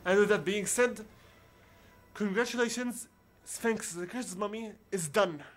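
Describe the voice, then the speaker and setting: Man, high voice, casual game walkthrough talk, stumbling over words, reads game text aloud. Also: a bit bright. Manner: halting, with frequent restarts and searching for words; reads on-screen dialogue aloud in his own voice. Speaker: video game let's player. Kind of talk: casual gameplay commentary.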